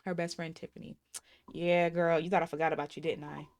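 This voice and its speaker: Woman, thirties, slightly low voice, casual film recap, sassy, talks to viewers. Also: little pitch movement, a little fast, a little mellow. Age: 30s. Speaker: movie reviewer. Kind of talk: casual movie recap and review.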